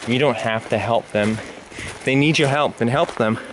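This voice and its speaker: A man's voice: medium pitch, normal speed, background noise. A man vlogging outdoors on an uphill trail, slightly out of breath, rambling with lots of fillers, recorded on a handheld camera. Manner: rambling, musing, with filler words. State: panting from climbing uphill. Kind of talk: casual talk while hiking.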